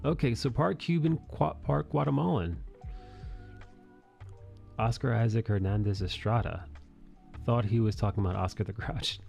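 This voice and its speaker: A man's voice: mid-range voice, normal speed, vocal fry, pauses often, a little mellow, soft background music. A man hosting a live art stream, chatting casually in a rambling, jokey way and thanking viewers. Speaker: streamer host.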